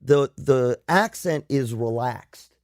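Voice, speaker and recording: A man's voice: medium pitch, takes it slowly, darkish tone, dry recording, clean studio sound. A man appearing as a guest on a radio talk show, thinking aloud playfully with frequent restarts. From not from the South. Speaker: guest psychologist.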